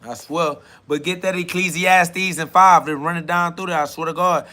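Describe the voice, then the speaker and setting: A man talks as a podcast host in a rambling, preachy monologue, full of street slang and scripture references. His voice sits a little high and sounds bright and forceful. He jumps from loud, hyped outbursts to low murmurs. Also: steady tone, moderate pace. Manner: swings between loud hype and low murmurs. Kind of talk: freewheeling spiritual monologue.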